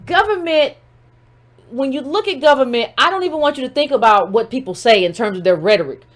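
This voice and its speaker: High-voiced emphatic woman commentator. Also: expressive, fairly quick. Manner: emphatic, rhetorical questions aimed at the subject; speaks directly to her audience. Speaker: political commentator. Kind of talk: livestream commentary.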